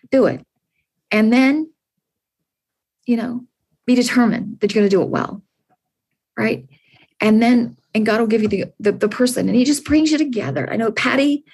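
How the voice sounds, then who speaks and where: A woman's voice: fairly high pitch, darkish tone, husky. A woman in her sixties, an interview guest, speaking earnestly and encouragingly, often repeating her words. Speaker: podcast guest. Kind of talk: heartfelt interview answers.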